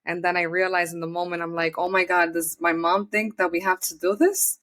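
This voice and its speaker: A woman's voice: on the low side, level tone, fairly quick, a bit bright, recorded from a distance. A woman from New York City, a podcast guest telling her personal story in an earnest, chatty way and often acting out her own past words.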